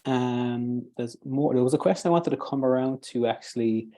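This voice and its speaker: A man's voice: mid-range voice, moderate pace, warm tone. A man hosting a webinar, encouraging the panel and reading out audience comments. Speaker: webinar host.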